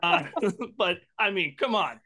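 A man's voice: high-pitched, lively intonation, unhurried, sharp tone. A man co-hosting a podcast, chatting casually and telling stories with frequent laughter. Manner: laughing storyteller. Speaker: podcast co-host. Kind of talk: casual chat.

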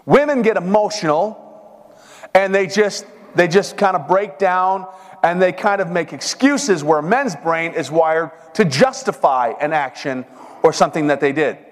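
A man's voice: high-pitched, measured pace. A middle-aged man giving a folksy, joking sermon-style talk at a men's seminar. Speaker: seminar speaker. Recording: long hall reverb.

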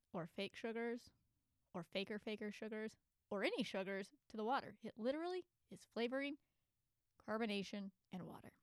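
A woman's voice: on the high side, clean tone, no echo. A woman hosting her own podcast from a home studio, chatting in an enthusiastic, casual way. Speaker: podcast host. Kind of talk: casual solo podcast talk.

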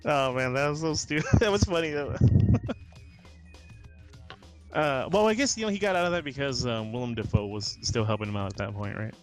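A man's voice: medium pitch, fairly quick, pauses often, soft background music. A man co-hosting a podcast who chats casually about a film, asking questions and talking in hesitant, self-interrupting bursts. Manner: questioning, hesitant, many restarts and laughs. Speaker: podcast co-host. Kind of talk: casual film review chat.

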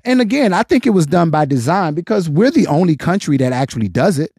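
Forties American man, passionate and rhetorical, fairly high voice. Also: expressive, quick pace, darkish tone, husky, no echo, clean studio sound. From United States. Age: 40s. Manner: passionate, rhetorical, many questions. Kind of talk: casual opinion commentary.

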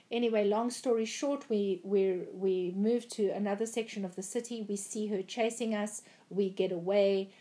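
A woman's voice: mid-range voice, mellow. A woman earnestly recounting a prophetic dream, with frequent ums and restarts. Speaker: Christian speaker.

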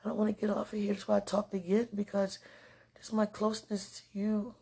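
A woman's voice: medium pitch, flat delivery, fairly quick, gravelly, warm tone, slightly rough. A woman recording a rambling, affectionate spoken message to a loved one, laughing often between her thoughts.

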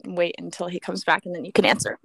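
A woman's voice: fairly low pitch, fast talker, creaky, a bit bright, breathy edge, no room sound, studio quality. A woman co-hosting a casual podcast chat, easygoing and self-deprecating, with frequent giggles. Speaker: podcast co-host.

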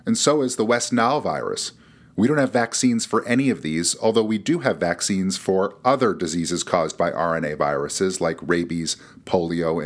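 Man hosting a podcast, dry and wry. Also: low-pitched. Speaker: podcast host. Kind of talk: scripted podcast narration.

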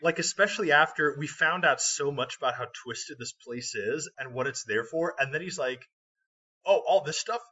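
Husky man, distant lo-fi mic. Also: medium pitch, normal speed, hardly any pauses, sharp tone. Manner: thoughtful, reflective, many "like"s. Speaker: podcast co-host. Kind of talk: casual film discussion. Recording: dull lo-fi audio from off mic.

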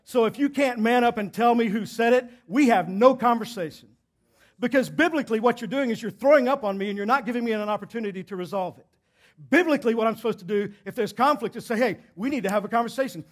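Man preaching with emphatic repetition. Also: high-pitched. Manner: emphatic, repeats key phrases, swings from loud to hushed. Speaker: pastor. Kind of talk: sermon. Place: church.

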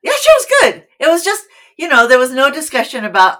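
An American woman, middle-aged, telling stories as an actor guest in a casual interview, animated and quick to laugh. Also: a little high. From United States. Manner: animated storyteller, laughs easily.

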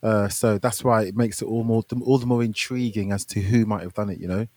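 A man's voice: lowish voice, steady tone, brisk, a little mellow. A man co-hosting a podcast, talking casually about a film and stumbling over repeated words. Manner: hesitant, repeats words when unsure. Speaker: podcast co-host. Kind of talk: casual film review chat.

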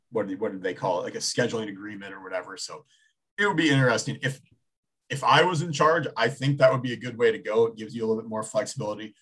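A man's voice: lowish voice, fairly bright tone, breathy edge. A man in his thirties co-hosting a casual sports talk show, thinking aloud with many restarts.

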